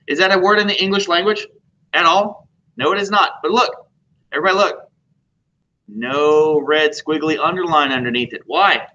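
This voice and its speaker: A man's voice: fairly high pitch, bright, forceful tone. Joking man teaching a computer class. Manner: joking and chatty, asks the class questions. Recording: dull lo-fi classroom recording.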